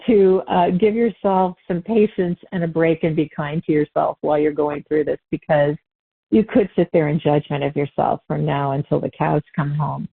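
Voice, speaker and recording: A woman's voice: low voice, gravelly, slightly rough. A woman giving an unscripted spiritual teaching talk, loose and conversational, correcting herself as she goes with light laughs. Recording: tinny phone-like line.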